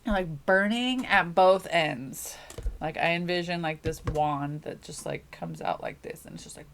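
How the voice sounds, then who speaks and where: A woman's voice: low-pitched, sing-song, measured pace, creaky, a little hiss or hum. A woman giving a casual tarot reading, giggling often and rambling as she muses aloud. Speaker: tarot reader.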